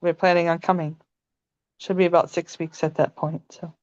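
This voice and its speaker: A young woman calmly sharing a personal story on a video call, soft-spoken and quick to laugh. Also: on the low side, no room sound. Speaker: meditation group participant. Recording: dry, dull lo-fi call audio.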